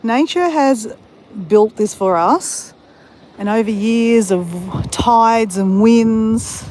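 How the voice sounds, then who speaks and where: Woman, Australian accent, enthusiastic live-stream vlogger, slightly high voice, wind noise on the phone mic. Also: slow pace, darkish tone, rough recording. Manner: enthusiastic, addresses viewers constantly. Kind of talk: casual live-stream chat. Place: outdoors on a windy coastal walk. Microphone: phone held for live stream. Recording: wind-buffeted phone recording outdoors.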